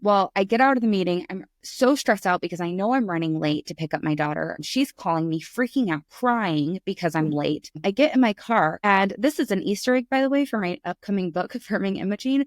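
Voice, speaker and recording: A middle-aged woman talks as a podcast guest, telling a personal story with animated energy and acting out the voices in it. Her voice sits at an ordinary pitch. The recording is dry and close, with no room sound. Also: brisk, hardly any pauses, no echo. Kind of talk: candid storytelling in conversation.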